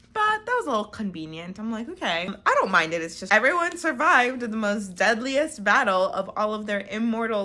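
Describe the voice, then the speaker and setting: A woman's voice: medium pitch, bright, forceful tone. A woman talking casually in a reading vlog, chatty and emotional with dramatic reactions. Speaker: book vlogger.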